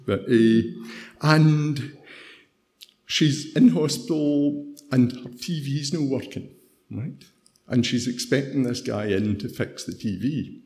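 A man's voice: medium pitch, takes it slowly, a little mellow. A middle-aged Scottish man giving an informal devotional talk, chatty and anecdotal, often tagging on "right?". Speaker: preacher.

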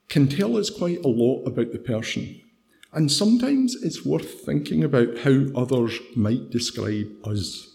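Middle-aged Scottish preacher, unhurried and conversational, with an expressive, creaky voice. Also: male voice, mid-range voice. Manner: chatty, anecdotal, tags "right?". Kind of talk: informal devotional talk.

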